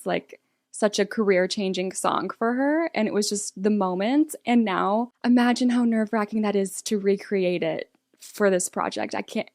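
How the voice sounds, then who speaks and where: A young woman hosting a casual album reaction, thinking aloud in an excitable, rambling way with lots of fillers. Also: mid-range voice, no echo, clean studio sound. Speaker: music reaction host.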